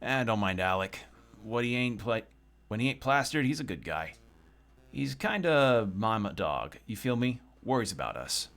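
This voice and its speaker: A man's voice: on the low side, sing-song, moderate pace, creaky, a bit bright, full character voice. A man voicing a laid-back young male mechanic in a video game, drawling in casual slang and calling the listener little man. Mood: easygoing.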